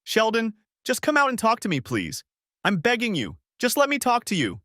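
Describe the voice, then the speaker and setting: A sobbing young wife begs for forgiveness in a high, trembling voice, as a man puts her on. Her pleas rise and fall sharply. The sound is close and dry. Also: wildly swooping pitch, moderate pace, pushed and bright, no room sound, exaggerated voice. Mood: pleading. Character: tearful pleading young wife.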